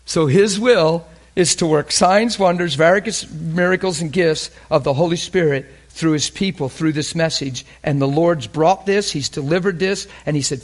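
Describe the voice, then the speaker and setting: A male preacher delivers a fervent, openly emotional sermon, posing questions to the congregation and swinging from loud emphasis to hushed near-whispers. His voice is fairly high, his pace moderate, and he rarely pauses.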